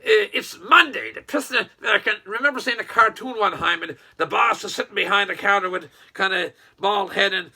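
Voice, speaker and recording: A man's voice: high-pitched, moderate pace, hardly any pauses, sharp tone, husky. An older man from Nova Scotia, a retired businessman, rambling in a folksy monologue full of restarts and quoted asides.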